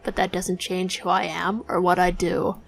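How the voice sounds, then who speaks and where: A woman voicing a smooth, evasive male detective in disguise in a game, speaking in a suave, theatrical way. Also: lowish voice, level tone, normal speed, poor audio. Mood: philosophical. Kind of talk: voicing a visual novel let's play.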